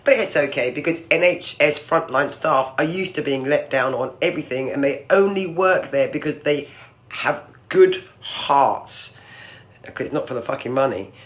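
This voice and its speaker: A woman with a British accent hosting a livestream, ranting with sarcasm and swearing through the morning's newspaper headlines in a loud, projecting voice. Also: deep voice, normal speed. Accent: British English. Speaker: livestream host.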